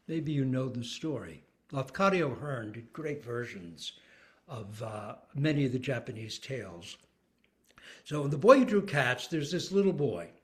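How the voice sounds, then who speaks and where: An older man teaching the art of storytelling in an expressive, emphatic way, speaking in halting phrases broken by sudden vocal bursts. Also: medium pitch. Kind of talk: teaching talk.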